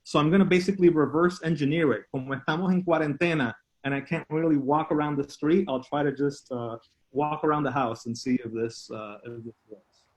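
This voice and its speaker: This clip has a man pacing his home with a phone, making up a bilingual poem on the spot and alternating languages each line to translate his own words. He speaks in slow, hesitant phrases with a higher-leaning, steady voice.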